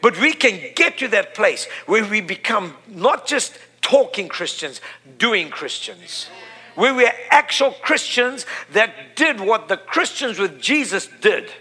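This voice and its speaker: Bright-voiced emphatic male preacher. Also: sits high, sing-song, a little slow, husky. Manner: emphatic, repeats phrases, builds to loud peaks. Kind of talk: sermon.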